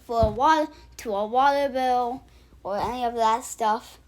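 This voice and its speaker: A woman's voice: fairly high pitch, moderate pace, darkish tone. A woman hosting her own channel, casually ranking cartoon episodes in a rambling way with many restarts and filler words. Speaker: channel host.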